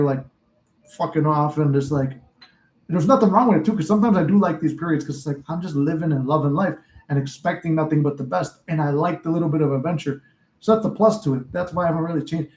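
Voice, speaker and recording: A man's voice: a little high, darkish tone, rough recording. A young man, a manifestation coach, chatting casually and profanely on a live stream from his home office, rambling and laughing often.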